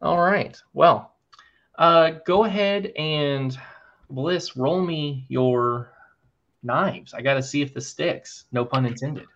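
A man narrating as game master in a relaxed way, with lots of fillers. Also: a little high, takes it slowly, muffled recording.

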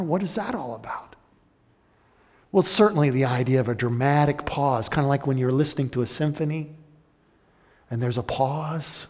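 Male pastor preaching, mid-pitched, gets loud and emphatic then goes quiet and slow, lots of hall reverb. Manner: rising to emphatic peaks, then dropping low and slow. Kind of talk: sermon.

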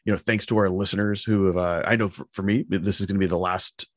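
Fast-talking low-voiced man co-host. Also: steady tone, dry recording, clean studio sound. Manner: quick, laughs often. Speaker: podcast co-host. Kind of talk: casual conversation.

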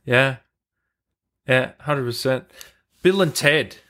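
A man's voice: medium pitch, slow, sharp tone. Easygoing male interview host. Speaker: podcast host. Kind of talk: casual interview chat.

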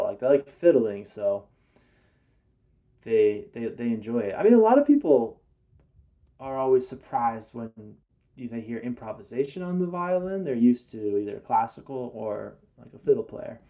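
A man's voice: medium pitch, narrow, tinny audio. A man speaking as a guest in an interview, hesitant and casual, with many restarts. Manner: hesitant, lots of fillers and restarts. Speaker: guest musician.

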